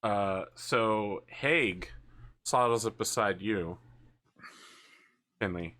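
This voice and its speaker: A man serves as game master and narrates the scene in a loose, joking style. His voice sits low but sounds bright and forceful. He often pauses on fillers. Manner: laid-back, jokey, with many fillers.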